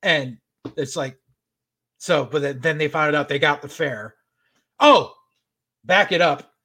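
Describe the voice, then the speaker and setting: Animated, foul-mouthed man recapping a show. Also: on the high side, slow. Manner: animated, swears constantly, acts out quotes. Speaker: podcast co-host. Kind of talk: casual profane chat, recapping a show.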